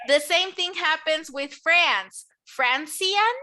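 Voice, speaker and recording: A woman teaching an online English class, saying words slowly for students to repeat. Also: sits high, sharp tone. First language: Spanish. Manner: slow, drawn-out model words for repeating.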